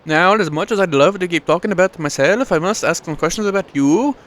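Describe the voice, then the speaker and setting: Tired, friendly, inquisitive village woman with a mock Welsh lilt; a man reads her, pitched up high. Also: fairly quick, a bit bright. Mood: chatty. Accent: put-on Welsh lilt. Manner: chatty, inquisitive.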